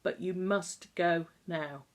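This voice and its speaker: A timid young nurse, apologetic and coaxing, trying to keep the peace, as a woman reading a storybook puts her on. Her voice stays low and politely hesitant. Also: steady tone, slow. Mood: nervous. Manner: nervous, sing-song coaxing.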